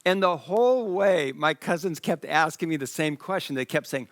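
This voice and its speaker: A man preaching on a church stage, his voice sitting a little high. He moves between reading scripture and telling an animated story, acting out the dialogue. He grew up partly in Liberia. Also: moderate pace, dry recording. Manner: lively, reads scripture then tells a story with quoted dialogue. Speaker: pastor. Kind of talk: sermon with storytelling.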